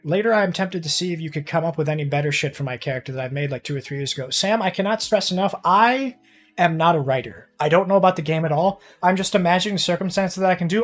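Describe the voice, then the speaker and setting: A young man talks casually to his stream viewers while gaming, his voice sitting a little higher than most men's. He rambles and restarts his thoughts, swears freely and gets excited easily. Faint music plays behind him. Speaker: livestreamer.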